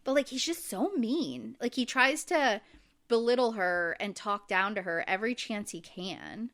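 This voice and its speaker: A woman's voice: medium pitch, expressive, unhurried, a bit bright. A woman co-hosting a podcast, chatting casually and filling her talk with "like" and "um". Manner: chatty, filler-heavy, lots of "like". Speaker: podcast co-host recapping a reality show. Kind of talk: casual chat.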